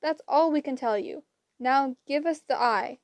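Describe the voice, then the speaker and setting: Shrill squabbling old hag sisters, as a woman puts them on. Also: unhurried, a little mellow, dry recording. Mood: shrill bickering. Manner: shrill, screeching and bickering. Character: three squabbling ancient blind hag sisters.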